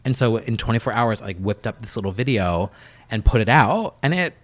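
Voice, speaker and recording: Speaking briskly in a lowish, expressive voice, a young man who produces music chats casually as a podcast guest. His storytelling is loose and heavy on fillers, with lots of "like."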